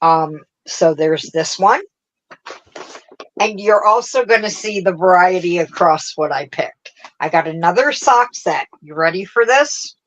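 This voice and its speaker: Slow-talking woman chatting on a craft show. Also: fairly low pitch, expressive, rough recording. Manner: chatty, rambling, quick to laugh. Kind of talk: casual livestream chat.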